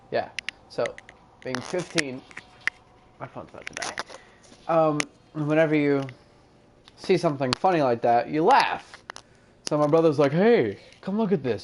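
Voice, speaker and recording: A man's voice: a little high, background noise. A young man hosting a gaming channel, telling a loose, rambling story with fillers and mumbled asides. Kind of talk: casual storytelling over gameplay.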